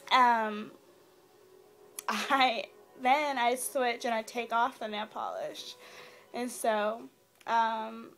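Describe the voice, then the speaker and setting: Young woman vlogger, chatty and rambling, pitched a bit high, casual story to camera. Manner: chatty, many fillers, rambling. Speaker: new mother vlogger.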